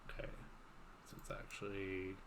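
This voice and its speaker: A man serving as game master for a tabletop game, speaking in a bright, clear-toned voice. He narrates in a relaxed, playful way and laughs often between rulings. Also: low-pitched, moderate pace, slight background noise. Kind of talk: running a tabletop game over voice chat.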